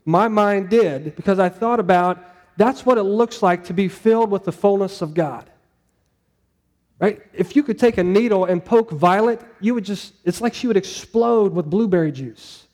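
A man's voice: high-pitched, normal speed, a little mellow, big-room sound. A man preaching a sermon to a congregation in a conversational way, asking them questions as he goes. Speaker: pastor.

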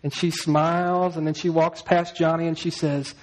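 A man's voice: a little high, little pitch movement, moderate pace, hardly any pauses, low-quality recording. A male pastor preaching a sermon, telling a story and asking the congregation questions.

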